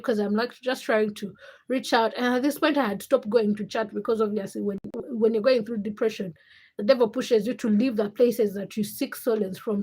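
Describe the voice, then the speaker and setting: A young woman hosting a casual livestream, greeting viewers by name between stretches of personal storytelling. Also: a little high. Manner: reads viewer names and greets them, then tells a personal story. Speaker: livestream host.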